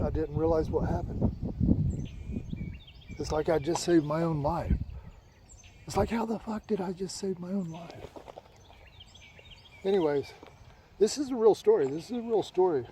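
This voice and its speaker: A man's voice: a little high, heavy background noise. A man telling a childhood story in a casual, rambling way, repeating words and restarting often.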